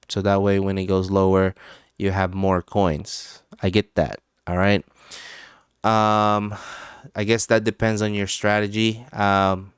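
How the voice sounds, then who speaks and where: A low-pitched man with a smooth, resonant voice chats loosely on a live stream, laughing often and swearing freely. He's recorded close and dry, with no room sound. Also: no echo. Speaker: crypto trading livestream host. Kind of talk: casual live-stream chat.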